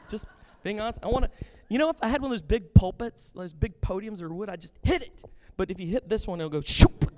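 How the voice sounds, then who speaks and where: A pastor preaching a sermon with passion and jokes, animated and lively in his delivery. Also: high voice, brisk. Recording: long reverb of a hall.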